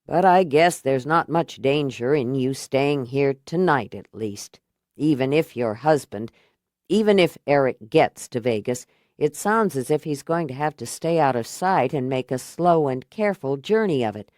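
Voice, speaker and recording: A steady middle-aged man, put on by a woman in an audiobook, speaking low and calm with a dry, joking edge. His voice sits deep and even in a close, dry recording. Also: moderate pace, no echo. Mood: reassuring. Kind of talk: audiobook character voice.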